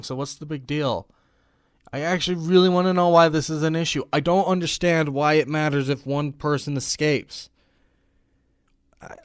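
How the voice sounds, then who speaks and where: A young man narrating a comedic movie review, exasperated and sarcastic, with loud outbursts and mumbled confusion. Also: medium pitch, smooth, dry recording, studio quality.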